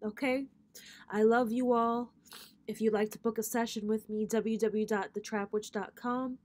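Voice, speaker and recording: A woman's voice: fairly high pitch, steady tone, normal speed, darkish tone. A woman giving a casual spiritual pep talk to her viewers, blunt and profane, with a preacher-like cadence. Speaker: spiritual reader and host.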